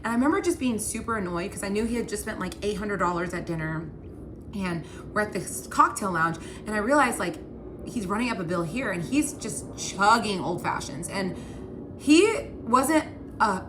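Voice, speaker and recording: A woman's voice: mid-range voice, noisy background. A woman telling a personal story in a casual storytime style, chatty and full of "like", talking straight to her viewers. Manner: chatty, heavy use of "like"; addresses the viewers directly.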